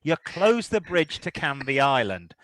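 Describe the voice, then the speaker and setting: A man's voice: fairly high pitch, very animated, unhurried, a bit bright, no echo. A man hosting a car podcast, reading news stories with rambling, jokey asides. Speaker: podcast host.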